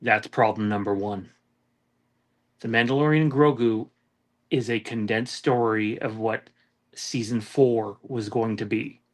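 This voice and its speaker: A man's voice: lowish voice, steady tone, measured pace. A man hosting a podcast in casual chat, blunt and swearing as he lays out his arguments point by point. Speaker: podcast host.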